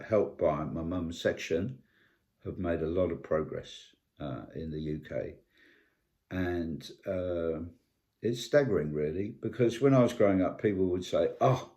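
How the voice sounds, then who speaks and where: A man's voice: low voice, dark tone. A middle-aged man from England telling funny family stories in a casual, rambling, wry way, with many hesitations. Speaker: vlogger. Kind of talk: casual storytelling.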